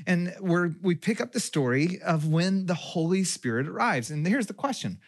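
A pastor from Texas, giving a sermon in a conversational way and asking questions of his listeners. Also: on the high side. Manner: conversational preaching with rhetorical questions.

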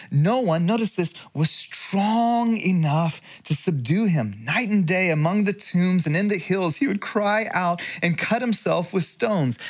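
Earnest male pastor, rather high voice. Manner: earnest preaching with rhetorical questions and lively emphasis. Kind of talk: sermon.

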